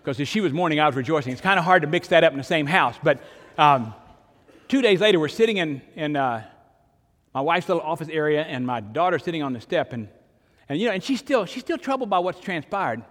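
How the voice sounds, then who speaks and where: A man's voice: on the high side, lively intonation, a little fast, fairly bright tone, in a large hall. An older man, preaching a sermon in a conversational storytelling way, with sudden emphatic rises. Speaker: pastor.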